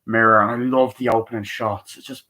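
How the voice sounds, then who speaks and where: A young man with a bright, forceful voice and a fairly low pitch talks through a film review. His manner is excitable and he swears freely, often jumping into quick acted-out bits of dialogue. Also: poor audio. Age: young adult. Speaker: movie reviewer.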